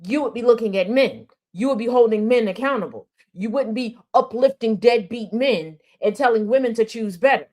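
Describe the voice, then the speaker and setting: A woman's voice: on the high side, normal speed, few pauses, darkish tone. A woman hosting an opinionated commentary stream, sassy and sarcastic, hammering points with rhetorical questions and repetition. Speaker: news commentary host.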